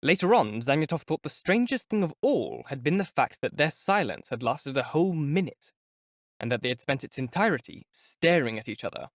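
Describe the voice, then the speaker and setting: A man reading a classic novel aloud as audiobook narrator, measured and expressive. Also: on the high side, dry recording, clean studio sound. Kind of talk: scripted narration.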